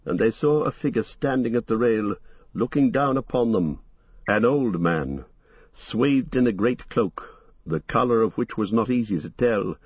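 A man reading a fantasy novel as an audiobook, in a steady, measured way. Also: mid-range voice, slightly rough, no room sound, lo-fi sound. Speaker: narrator. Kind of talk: scripted audiobook narration.

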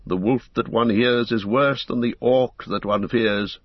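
A man playing a proud warrior, wary and blunt, declaiming with force. The voice is husky and dry, on a dull lo-fi recording. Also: mid-range voice, fairly even intonation, measured pace, no room sound, natural voice. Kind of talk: audiobook character reading.

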